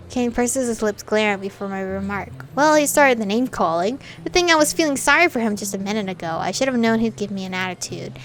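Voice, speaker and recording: A young woman reading a visual novel aloud in an animated, playful way. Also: mid-range voice, a little fast, hardly any pauses, faint music behind. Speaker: game streamer.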